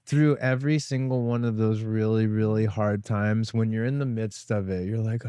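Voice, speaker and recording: A man's voice: on the low side, fairly even intonation, normal speed, dark tone, clean tone, no echo, studio quality. A man co-founder in casual conversation, talking in a rambling way with many "like" fillers. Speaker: wellness company co-founder.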